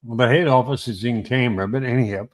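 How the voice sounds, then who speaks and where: A man's voice: medium pitch, fast talker, a loud crowd. An older man, trading jokey, mocking banter as co-host of a casual chat. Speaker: show co-host.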